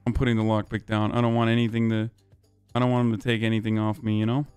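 A man's voice: fairly low pitch, completely flat delivery, quick pace, darkish tone, smooth, no echo, soft background music. A man streaming a roleplay game, talking in character in a hesitant, stammering way with plenty of swearing, into a desk microphone.

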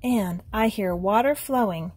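A woman's voice: medium pitch, measured pace, darkish tone, husky. A woman voicing a worried, gadget-loving young boy llama in a storybook read-aloud, with an eager, questioning manner.

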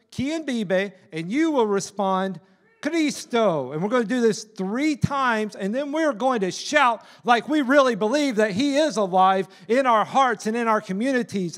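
A man preaching a sermon in a church as a missionary, with an excitable, emphatic delivery. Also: sits high. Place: church sanctuary.

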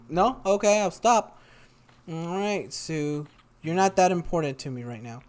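A man's voice: on the high side, measured pace, darkish tone. A young man hosting a gaming video, playing a cooking game and teasing the game's customers in a playful way, recorded at home on a desktop microphone. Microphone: desktop USB microphone.

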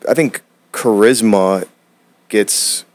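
A man's voice: lowish voice, slow, darkish tone. Blunt, profane man from Detroit. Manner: blunt, profane, acts out quotes in voices. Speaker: guest, acting coach. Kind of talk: casual podcast chat.

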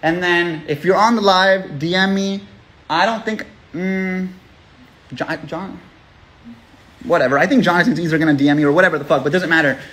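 A young man talks to his followers over a phone livestream, rambling and swearing through slangy pep talk. His voice sits a little high for a man. The delivery stays loose and unscripted. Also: normal speed, a bit bright. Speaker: livestream host running a raffle. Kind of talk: casual livestream chat.

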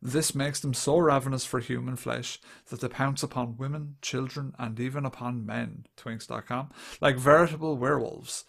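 Gravelly man joking around. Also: medium pitch, fairly even intonation, moderate pace, few pauses, fairly bright tone. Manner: crude joking, dramatic reading aloud. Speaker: podcast co-host. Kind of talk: casual podcast banter.

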